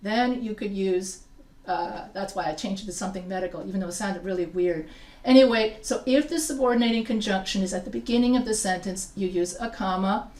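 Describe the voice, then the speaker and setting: Writing teacher lecturing in an echoey room. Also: female voice, medium pitch, brisk, darkish tone, recorded from a distance. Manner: chatty, repeats and restarts, checks in with students. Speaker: writing instructor. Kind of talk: live class lecture.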